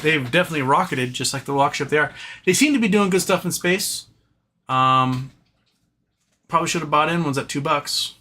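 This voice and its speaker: A man's voice: fairly high pitch, sharp tone, a little hiss or hum. A man hosting a casual live stream, rambling and self-deprecating as he reads viewer chat, with sighs and the odd swear. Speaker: livestream host reading viewer chat.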